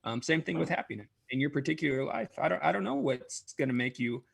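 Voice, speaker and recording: A man's voice: on the high side, expressive, fast talker, vocal fry, a bit bright, husky. A man hosting a podcast, talking in a thoughtful, reflective way, with frequent "you know"s as he draws lessons from the stories. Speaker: podcast host. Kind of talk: casual reflective chat.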